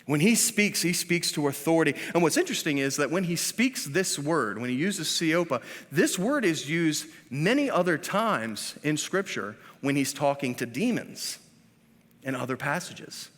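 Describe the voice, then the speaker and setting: A man in his thirties preaching a sermon as pastor. He swings between hushed, drawn-out lines and loud, emphatic ones, with self-deprecating asides. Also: a little high, sing-song. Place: church. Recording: reverberant church sanctuary.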